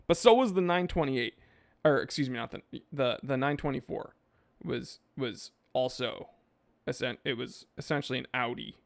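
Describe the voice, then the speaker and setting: A man's voice: medium pitch, moderate pace, vocal fry. A man hosting a podcast, reading chat and rambling casually in laid-back slang.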